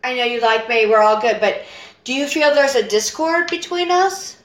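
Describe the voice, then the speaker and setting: A woman's voice: on the high side, expressive, normal speed, reverberant, poor audio. An American woman guesting on a podcast, chatting casually, laughing often and restarting her sentences. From United States. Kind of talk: casual chat.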